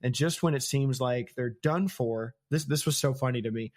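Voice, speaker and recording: A man's voice: medium pitch, moderate pace, a little mellow. A young American man hosting a podcast, casually retelling book chapters and laughing often. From United States. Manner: laughs often, paraphrases scenes in slangy voices. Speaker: podcast host. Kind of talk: casual book-discussion chat.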